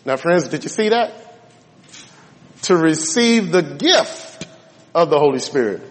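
A high-voiced man preaching, his pitch swinging widely as he leans hard on key words. His voice is a little husky, and a long hall reverb trails behind it. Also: lively intonation. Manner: emphatic, drawn-out stresses on key words. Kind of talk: sermon.

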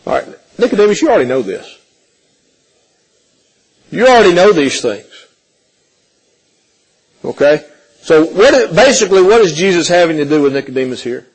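Man teaching a Bible study, slightly high voice. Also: big pitch swings, normal speed, pauses often, slightly rough, low-quality recording. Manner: questioning, repeats "okay?" often.

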